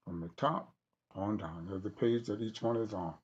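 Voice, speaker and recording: A man reading aloud from a book he wrote, deliberate and halting, stopping to correct himself. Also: on the low side, husky, dull audio. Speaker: author reading his own book.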